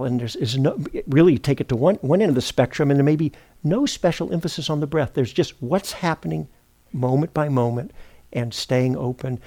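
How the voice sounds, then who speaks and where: A middle-aged man giving a meditation teaching at a retreat center, speaking in an unhurried, thoughtful way, often pausing to correct himself. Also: a little high, creaky, mellow. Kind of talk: dharma talk.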